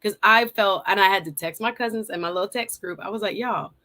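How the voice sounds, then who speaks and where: A woman hosts a live stream and tells a story with lots of energy. She laughs often and acts out what she said, in a middle pitch that is neither high nor low. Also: a little fast. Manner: animated, laughs often, acts out her own quotes. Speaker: host.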